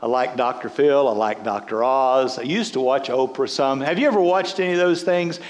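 A middle-aged male pastor preaching a sermon in an animated, joking way, with laughs and quick restarts. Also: medium pitch, big-room sound.

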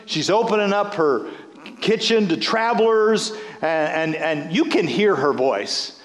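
A middle-aged male pastor preaching a sermon in an animated, joking way, with laughs and quick restarts. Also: sits high, long reverb tail.

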